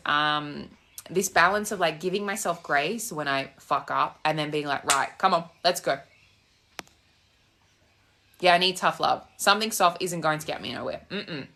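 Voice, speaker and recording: A low, sharp-toned female voice belongs to a young manifestation coach on a casual live stream. Walking outside with the phone in her hand, she responds to comments in a sassy, blunt way, swearing freely.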